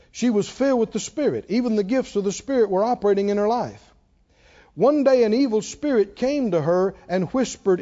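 A man preaches a sermon in a high-sitting voice, veering between hushed warnings and hollered lines. He also acts out a tempter's whisper, and the recording sounds muffled.

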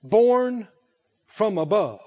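Man, preacher, high voice, slow delivery, emphatic repetition, dull lo-fi sound. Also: sing-song, a little mellow. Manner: emphatic, repeats key phrases slowly, rising with fervor. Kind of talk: sermon. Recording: dull lo-fi recording.

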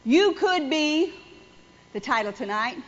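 A woman's voice: high voice, expressive, slow pace, dull audio. A woman preaching a conversational sermon to a congregation, repeating phrases for emphasis. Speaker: church speaker.

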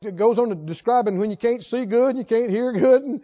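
High-voiced preacher, lo-fi recording. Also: male voice, a little fast. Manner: preaching, rising to shouted exhortation. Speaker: pastor. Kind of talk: sermon. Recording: dull lo-fi sermon recording.

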